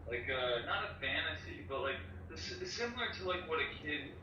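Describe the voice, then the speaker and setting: A man's voice: a little high, big pitch swings, moderate pace. A man on a podcast thinking aloud, hesitant and searching for words. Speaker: podcast co-host. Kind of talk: casual chat. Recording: echoey, distant, muffled, noisy.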